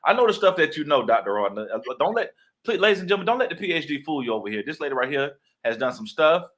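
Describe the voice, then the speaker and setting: A man's voice: fairly high pitch, big pitch swings, fast, a bit bright. A young adult man in a casual interview, telling playful stories and acting out the voices of the people in them. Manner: playful storyteller, acts out quoted voices. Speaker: guest author and actor.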